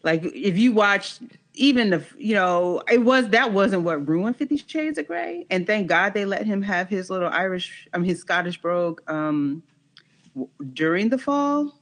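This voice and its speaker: A woman co-hosting a casual TV recap podcast, blunt and salty, with lively asides. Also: mid-range voice, measured pace. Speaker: podcast co-host.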